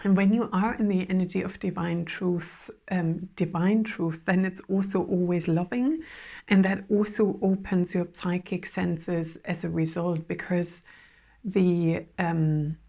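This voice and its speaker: A woman with a voice going hoarse, giving an earnest, flowing spiritual talk about channeled messages, with soft laughs and fillers. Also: on the low side, steady tone, measured pace.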